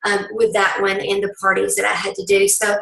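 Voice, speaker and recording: A middle-aged woman, a bit hoarse, telling her story to a sales team in a rambling, folksy way full of ums. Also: mid-range voice, level tone, fairly quick, background noise. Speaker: guest speaker on a team call. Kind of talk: personal testimony to a sales team. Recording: roomy, distant conference-call audio.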